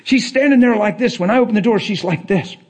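A man preaching a personal testimony with animated storytelling, laughing as he swings from hushed to loud. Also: high-pitched, fast talker. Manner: laughs through his words. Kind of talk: testimony sermon.

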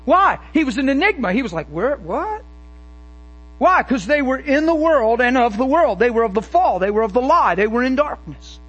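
A man preaching a sermon with fervent emphasis and quick rhetorical questions. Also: extremely high pitch, lively intonation, a bit bright, highs cut off.

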